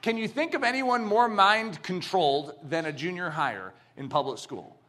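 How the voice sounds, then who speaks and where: Man, sermon, high voice, lively swooping pitch, emphatic. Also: normal speed. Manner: animated storytelling, builds to emphatic shouts. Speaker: pastor.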